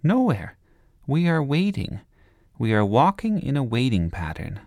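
A man's voice: medium pitch, wildly swooping pitch, gravelly, a little mellow, dry recording, clean studio sound, pitched above the performer's own voice, full character voice. A man voicing a bossy, cheerful little girl in a storybook reading, eager and scheming. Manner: eager, scheming, talks fast to persuade.

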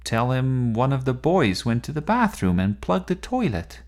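A man voicing an eager, slightly anxious young girl in a storybook, high and urgent. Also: sing-song, moderate pace, darkish tone.

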